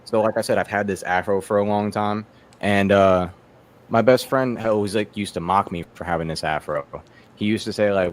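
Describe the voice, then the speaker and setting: A man's voice: lowish voice, a little fast. Rambling profane young man doing stand-up. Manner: rambling, profane, does voices in anecdotes. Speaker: stand-up comedian. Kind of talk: stand-up set on a video call.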